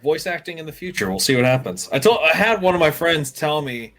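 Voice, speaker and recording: A man's voice: fairly high pitch, fairly quick. A man hosting a podcast, chatting casually and telling stories with frequent laughter. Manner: animated storyteller, laughs often. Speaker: podcast host. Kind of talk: casual chat.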